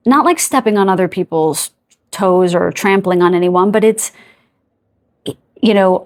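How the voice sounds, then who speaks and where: A woman's voice: medium pitch, animated, normal speed, darkish tone. Chatty woman doing a tarot reading. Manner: chatty, gropes for words aloud; talks to spirit guides between remarks. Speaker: tarot card reader. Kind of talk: intuitive tarot reading to camera.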